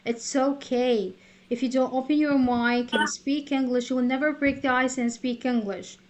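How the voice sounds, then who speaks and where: A woman's voice: sits high, steady tone, moderate pace. Encouraging woman hosting a workshop. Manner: encouraging, direct to audience. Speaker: workshop host.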